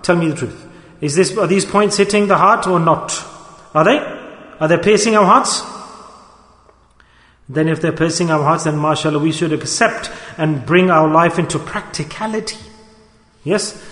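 Impassioned preacher in an echoing hall. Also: male voice, a little high. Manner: emotional, rhetorical questions, drops to hushed tones. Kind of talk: sermon. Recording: echoey hall with long reverb.

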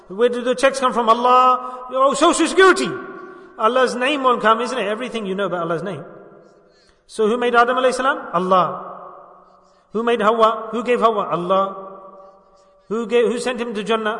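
A male preacher with a high, ringing, bright voice delivers a sermon, firing questions at his listeners and answering them himself. The sound is echoey and comes from a distance across a large hall. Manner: asks the audience questions and answers them himself, urges them to say it loudly. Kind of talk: religious sermon with call-and-response.

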